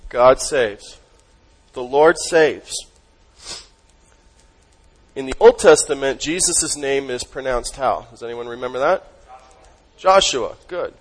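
A man's voice: mid-range voice, lively intonation, takes it slowly, long pauses, low-quality recording. Emphatic man preaching a sermon. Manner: emphatic, quizzes the congregation. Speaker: pastor.

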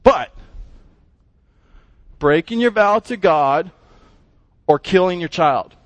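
A man teaching a Bible lesson to a class, animated and asking his listeners questions as he explains the text. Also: high-pitched, slow, no echo, lo-fi sound.

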